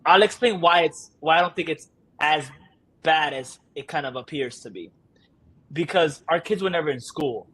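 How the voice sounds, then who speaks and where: A man's voice: a little high, expressive, normal speed, a bit bright, breathy edge. A man speaking as a guest, a father talking candidly and laughing through his stories in casual conversation.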